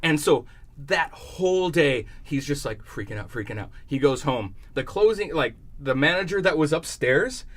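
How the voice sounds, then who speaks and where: A young adult man co-hosting a podcast tells a story in casual chat, swearing freely and acting out the other people's lines. His voice is a little high, with lively intonation and a moderate pace.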